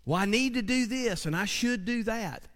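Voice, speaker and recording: A man preaching a sermon, animated and full of call-and-response asides to the congregation. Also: sits high, normal speed. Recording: long hall reverb.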